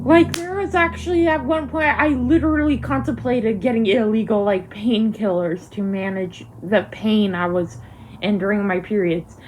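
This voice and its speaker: A woman's voice: mid-range voice, steady tone, normal speed, darkish tone, a little hiss or hum. A young woman ranting heatedly to camera in a vlog, emphatic and swearing often. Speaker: vlogger. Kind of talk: angry to-camera vlog rant.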